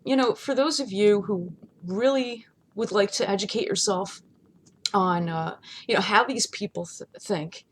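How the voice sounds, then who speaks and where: A woman talking straight to her vlog audience in a loose, unscripted rant from home. Her voice sits in an ordinary middle pitch, and she laughs often. She jumps from loud, punchy outbursts to quiet, half-whispered asides. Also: a little slow, slight background noise. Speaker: vlogger. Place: home, not in her studio.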